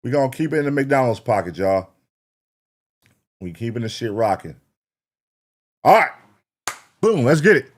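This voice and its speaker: A man's voice: mid-range voice, sing-song, normal speed, pauses often. A man hosting a reaction show, rambling casually and cursing as he talks to his chat.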